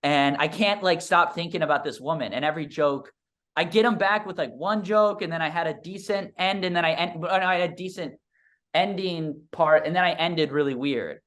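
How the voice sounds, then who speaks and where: A man's voice: a little high, fairly quick, fairly bright tone. A young man, a stand-up comedian, telling a story in a casual, rambling, self-deprecating way with lots of fillers. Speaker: stand-up comedian and podcast guest.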